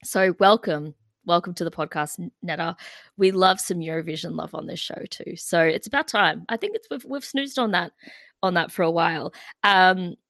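A woman's voice: lowish voice, moderate pace, creaky, fairly bright tone, no echo. A woman co-hosting a music podcast, chatting in a bubbly, filler-heavy way. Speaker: podcast co-host. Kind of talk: casual music podcast chat.

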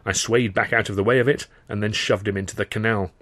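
A man's voice: on the low side, steady tone, fast talker, fairly bright tone, no echo. A man reading his own comic novel in the first person, in a wry, dryly comic storytelling manner. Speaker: author and reader.

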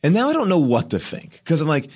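A man guest on a podcast, telling a story animatedly, acting out quotes and restarting his sentences fast. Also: fairly high pitch, huge pitch swings, a little mellow, breathy edge. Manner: acts out quotes, rapid restarts.

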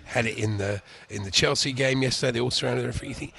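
A man's voice: medium pitch, racing, creaky, bright, forceful tone. A man co-hosting a casual radio chat, telling stories in a chatty way and laughing often. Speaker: co-host.

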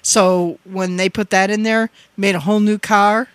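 A woman's voice: medium pitch, steady tone, normal speed, clean tone. A woman with a Wisconsin accent co-hosting a radio show, chatting casually and laughing often. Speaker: co-host.

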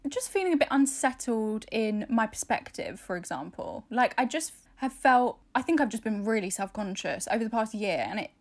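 A woman's voice: a little high, lively intonation, normal speed, few pauses. Chatty young woman podcast co-host. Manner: chatty, laughs often, rambling restarts. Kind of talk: casual chat.

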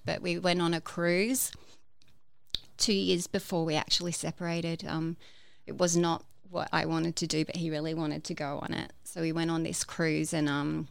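Give me a woman recounting her story haltingly, full of fillers, with a deep-ish voice in a dry room. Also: creaky, smooth, no echo. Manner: hesitant, many fillers and restarts. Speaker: podcast guest. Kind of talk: personal storytelling.

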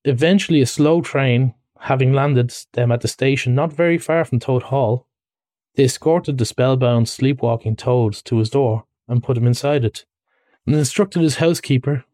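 A man narrating a classic storybook aloud in a measured, expressive reading voice. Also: medium pitch, no echo. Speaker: reader. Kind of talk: audiobook-style storybook narration.

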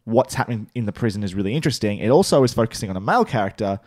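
An Australian man co-hosting a podcast, reviewing a TV show in quick, emphatic casual chat. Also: lowish voice, lively intonation, a little mellow, dry recording, clean studio sound. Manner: quick, emphatic, argues points. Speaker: podcast co-host.

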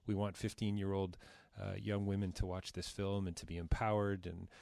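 A deep-voiced man conducts a relaxed interview, gushing with praise and tripping over his own sentence starts. His voice is low and sits close and dry on the mic. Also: moderate pace, vocal fry, dry recording. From former British colony. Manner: enthusiastic and effusive, with frequent restarts. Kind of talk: casual interview chat.

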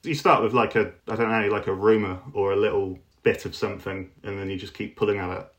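Deep-voiced musing male author. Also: steady tone, fast. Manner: musing, thoughtful, with fillers and repeats. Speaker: author, interview guest. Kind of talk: reflective interview talk.

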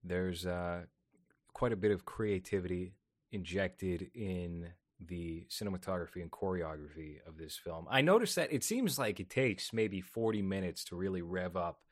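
Low-voiced man, dry close sound. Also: moderate pace, dry recording. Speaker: podcast co-host. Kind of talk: film review chat.

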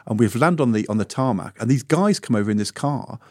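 A middle-aged man co-hosting a podcast, telling a lively anecdote in casual chat. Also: mid-range voice, brisk, no room sound, studio quality. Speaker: podcast co-host.

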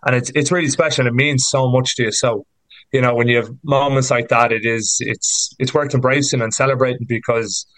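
A man with an Irish accent tells long stories in a rambling, filler-heavy way. His pitch stays flat and even. The sound is dry and close. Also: fairly quick, no echo, low-quality recording. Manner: chatty, rambling storyteller with many fillers. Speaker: rugby player guest. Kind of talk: casual podcast interview.

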